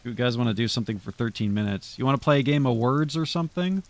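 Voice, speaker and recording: Wrapping up a live stream, a man chats loosely with his viewers, rambling and swearing freely. His medium-pitched voice is animated and fast.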